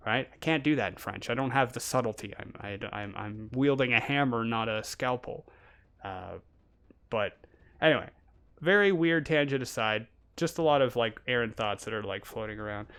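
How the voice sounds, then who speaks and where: A man's voice: mid-range voice, normal speed, clear, resonant tone. Rambling Canadian man on a stream. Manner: rambling, animated, mimics people in quotes. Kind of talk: casual stream chat.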